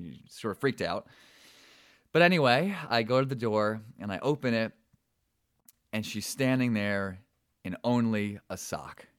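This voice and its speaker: A man's voice: lowish voice, clear, resonant tone, dry recording, clean studio sound. A young adult man hosting a podcast, telling a personal story in a rambling way with fillers and repeated words. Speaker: podcast host.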